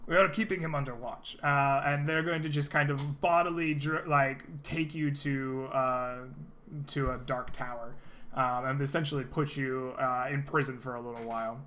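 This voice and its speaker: A man's voice: mid-range voice, little pitch movement, moderate pace, a bit bright. A man narrating as game master of a tabletop role-playing game, loose and full of fillers.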